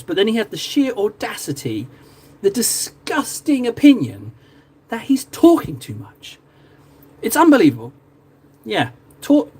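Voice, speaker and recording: A chatty, jokey man from Cornwall, talking casually to viewers while painting on a live stream. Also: on the high side. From Cornwall, England.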